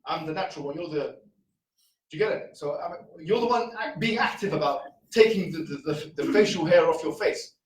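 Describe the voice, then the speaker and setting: A man giving a casual, argumentative talk to a live audience, full of rhetorical questions and quick asides. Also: a little high, reverberant, distant mic, slight background noise, poor audio. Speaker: speaker.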